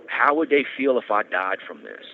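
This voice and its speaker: A man's voice: medium pitch, sing-song, normal speed, vocal fry. A man tells his story in an earnest, conversational way, repeating himself and restarting sentences, on a prison phone. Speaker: podcast host telling his story. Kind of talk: casual storytelling. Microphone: prison phone handset. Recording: tinny phone line with faint noise.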